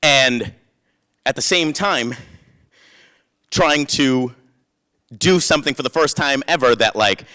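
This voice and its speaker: A man, a playwright and performer, reading spoken-word verse and telling stories in an animated way, acting out the voices of people he quotes. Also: mid-range voice, moderate pace, pauses often.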